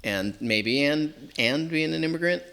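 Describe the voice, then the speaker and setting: A man's voice: on the high side, expressive, a little slow, creaky, sharp tone. A man from Southern California in his forties, telling stories in a casual chat, rambling with lots of filler words. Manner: rambling, heavy use of "like" and "you know". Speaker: podcast guest. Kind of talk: casual storytelling.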